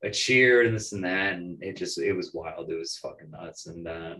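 A young man, a bartender, telling animated stories in casual chat, swearing and acting out quotes. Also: low-pitched, unhurried, rough recording. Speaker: bartender guest. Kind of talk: casual storytelling.

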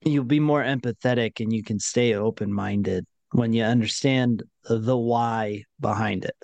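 A man's voice: mid-range voice, a little slow, creaky, darkish tone, no room sound. A man co-hosting a podcast in casual chat, thoughtful and restarting words as he builds a point.

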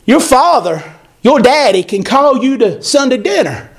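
High-voiced animated preacher. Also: male voice, unhurried. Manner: animated, emphatic preaching with repetition. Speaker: pastor. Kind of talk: sermon.

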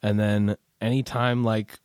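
A man's voice: on the low side, level tone, measured pace, a little mellow, clean tone, no echo, clean studio sound. A young man from Maryland hosting a podcast, chatting in a rambling, profane way. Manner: profane, rambling, slips into goofy put-on voices. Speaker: podcast host. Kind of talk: casual chat.

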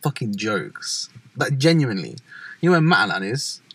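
A young man, chatting casually as a vlog co-host, animated and swearing freely. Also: mid-range voice, moderate pace, husky, dry recording. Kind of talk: casual chat.

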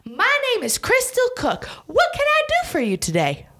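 A woman's voice: very high-pitched, huge pitch swings, moderate pace, pushed and bright, a little hiss or hum, full character voice. A woman playing an overly formal young receptionist who answers calls in a sing-song customer-service patter. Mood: chirpy. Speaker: comedic co-host playing a receptionist. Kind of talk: improvised comedy role-play.

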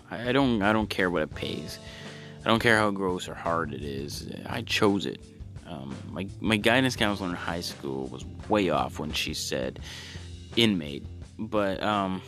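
A man delivers a stand-up comedy monologue in a deep, low voice. He stalls on ums and repeats his words before each punchline. His talk is profane, and faint music plays under the recording. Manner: halting delivery with ums and stammered restarts; profane, acts out loud shouted voices in bits.

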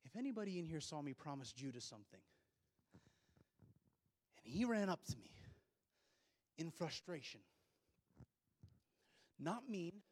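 A man with a notably high-pitched voice preaches a sermon to his congregation. He leans on rhetorical questions to drive his points home. Between them he slips into plain, conversational asides aimed at the room. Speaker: pastor.

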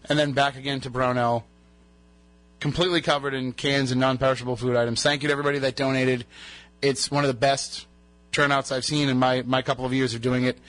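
A man's voice: medium pitch, little pitch movement, quick pace, a bit bright. New guy hosting a radio show, chatty, rambles through stories, voice still a bit worn. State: recovering from a lost voice. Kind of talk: casual radio banter.

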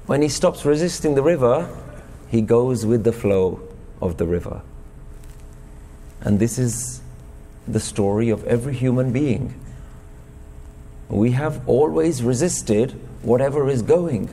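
A man's voice: mid-range voice, lively intonation, a little slow, long pauses, warm tone, big-room sound, a little hiss or hum. A man giving a sermon at a gurdwara, telling a parable and posing rhetorical questions to the congregation. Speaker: speaker at a Sikh gurdwara. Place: gurdwara hall.

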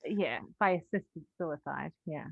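A woman's voice: low-pitched, unhurried, gravelly, husky, lo-fi sound. An Australian woman in casual podcast chat, chatty and often laughing, trailing off mid-thought. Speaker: podcast co-host.

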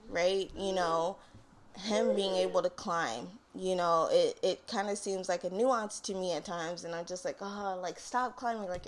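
A young woman, a mother, hosting a casual podcast and telling a family story in a chatty way, growing animated and laughing as she retells it. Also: medium pitch, a little hiss or hum. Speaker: podcast host. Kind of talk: casual solo podcast talk.

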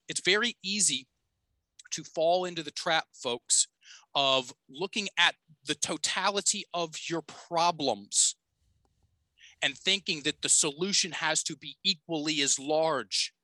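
A man on a podcast tells a story from his coaching work, emphatic and casual, with a swear word dropped in here and there. His voice is pitched a little high and sounds strikingly bright and forceful. The sound is dry. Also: no room sound, rough recording. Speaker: podcast guest, communication coach.

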